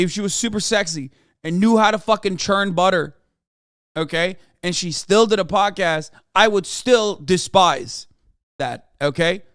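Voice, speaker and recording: A man streaming reaction commentary, sarcastic and profane, now and then bursting into shouts. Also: high voice, no room sound, studio quality.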